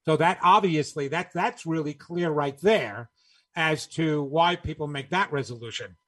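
Slow, emphatic man giving a motivational talk. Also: fairly high pitch, fairly bright tone. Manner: emphatic, rhetorical, repeats key phrases. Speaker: speaker on New Year's resolutions.

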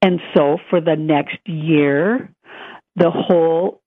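A woman guest telling a personal story in conversation, animated, acting out the voices she quotes. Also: low voice, takes it slowly, dry recording. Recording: tinny phone line.

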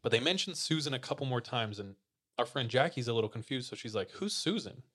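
A man at a mid-range pitch hosts a podcast and retells a listener's story to his friends. He keeps it casual and slangy, unhurried, like chatting around a table. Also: fairly bright tone. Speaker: podcast host.

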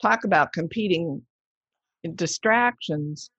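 Woman, interview host, enthusiastic, lowish voice, lo-fi dry sound. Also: expressive, takes it slowly, a bit bright, slightly rough, dry recording. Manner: chatty, enthusiastic. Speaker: podcast host. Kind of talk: conversational interview.

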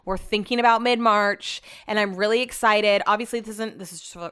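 A woman's voice: medium pitch, fairly even intonation, brisk, pushed and bright, clear, resonant tone. A young woman hosting her own podcast, telling rambling, self-deprecating stories in a casual chat. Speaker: podcast host. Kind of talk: casual solo podcast monologue.

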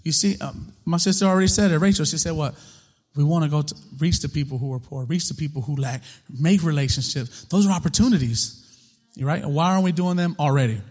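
A man's voice: fairly high pitch, fairly quick, a little mellow. A man preaching a sermon in a casual, conversational way, full of rhetorical questions and repetition. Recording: long reverb of a hall.

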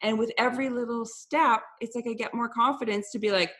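A woman's voice: on the high side, steady tone, fairly bright tone. A woman hosting a podcast, chatting in an upbeat, talkative way. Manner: upbeat, chatty, quick to laugh. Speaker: podcast host. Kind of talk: casual podcast chat.

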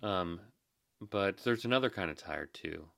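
A man's voice: sits low, lively intonation, unhurried, vocal fry, fairly bright tone, dry recording, studio quality. A tired young man, a new dad and emergency manager, hosting a podcast in an earnest, reassuring, rambling way. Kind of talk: casual podcast monologue.

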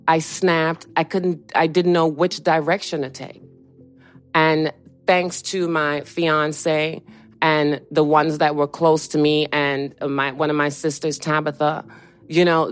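A woman being interviewed, telling a personal story in an animated way and acting out what other people said to her. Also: sits low. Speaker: interview guest.

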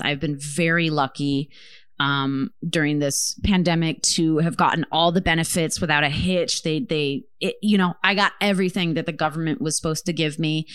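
A woman co-hosting a podcast, chatting casually with impassioned, profane, animated storytelling. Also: deep voice, clean tone, no echo, clean studio sound. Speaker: podcast co-host. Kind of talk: casual chat.

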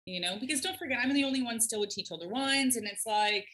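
A woman talking as a podcast guest in casual chat, animated, laughing often and swearing freely. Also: on the high side, fast talker.

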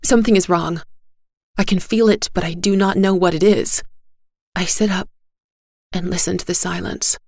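A woman narrating a first-person story in a measured, gentle reading style. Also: on the low side, steady tone, no echo, clean studio sound.

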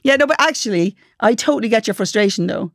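A woman's voice: fairly high pitch, animated, fast, dry recording, clean studio sound. An Irish woman co-hosting a podcast, chatting wryly and laughing often. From Ireland. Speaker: podcast co-host. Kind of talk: casual chat.

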